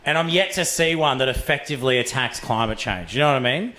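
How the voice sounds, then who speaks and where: A young Australian man performing a profane, animated stand-up set in a comedy club, acting out voices as he tells stories. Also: mid-range voice, quick pace. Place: comedy club stage with laughing audience. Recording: roomy club sound.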